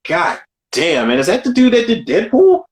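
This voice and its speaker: A man with a slightly high voice co-hosts a loose movie podcast. He talks in an animated, profane stream, circling back over his points and repeating lines for emphasis. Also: normal speed. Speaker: podcast co-host. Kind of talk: casual film chat.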